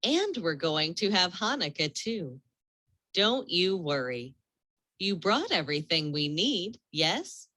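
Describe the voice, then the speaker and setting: A woman's voice: fairly low pitch, very animated, slow pace, sharp tone, dry recording, exaggerated voice. A woman doing a proud old grandmother with a heavy accent. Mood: proud, doting. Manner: doting and proud.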